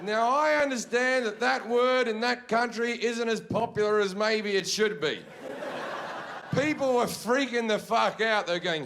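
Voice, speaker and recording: A man doing stand-up comedy, telling a story in a profane, animated way and acting out the characters. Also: very high-pitched, a little slow, gravelly, noisy background. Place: comedy festival stage.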